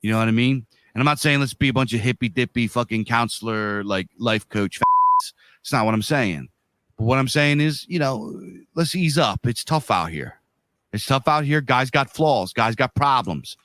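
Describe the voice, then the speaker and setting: A man's voice: mid-range voice, wildly swooping pitch, normal speed, pushed and bright, dry recording. A man in his thirties or forties co-hosting a podcast, talking bluntly in casual chat with lots of profanity and slang. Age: 30s to 40s. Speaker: podcast co-host.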